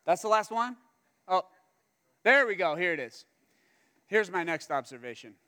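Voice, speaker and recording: Speaking at a normal pace in a high voice, this pastor delivers a sermon as lively, funny storytelling. He voices the characters' quotes himself, with long hall reverb around him.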